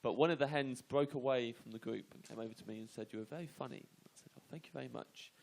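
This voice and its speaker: A man comedian on a live radio panel, telling a self-deprecating comic anecdote in halting bursts with lots of restarts. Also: mid-range voice, vocal fry, a little hiss or hum.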